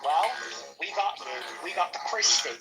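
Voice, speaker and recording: A woman's voice: lowish voice, moderate pace, heavy background noise. A woman doing teasing mock-announcer patter on a live audio stream. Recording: loud music behind.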